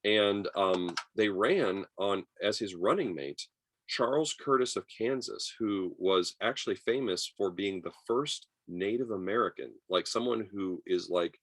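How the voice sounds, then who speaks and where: A man teaching a history class over a video call, lively and chatty, acting out quotes with many fillers. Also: low-pitched, no room sound. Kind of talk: online class lecture.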